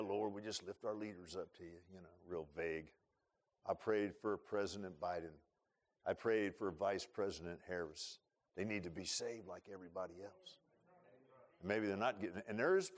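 A male pastor preaching a sermon, repeating himself and swinging from quiet, confiding lines to loud, fervent peaks. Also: fairly low pitch. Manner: repeats words and restarts, folksy asides.

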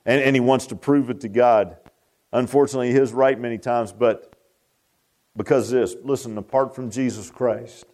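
A man delivers a fervent sermon at a brisk pace. His voice rises high and loud, then falls low and quiet, and he repeats his words along the way.

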